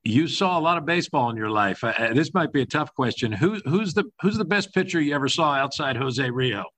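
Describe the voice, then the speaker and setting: A man's voice: mid-range voice, expressive, a little fast, a bit bright. A man hosting a podcast, asking his guest a question in a plain way. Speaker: podcast host.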